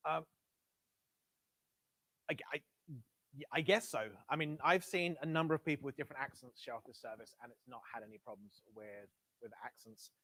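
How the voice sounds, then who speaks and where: A man's voice: mid-range voice, fairly even intonation, moderate pace, pauses often, pushed and bright, no echo. A man presenting a live coding session to a meetup audience on a headset mic, casual and self-correcting, with wry asides. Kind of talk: live-coding tech talk. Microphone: Bluetooth headset.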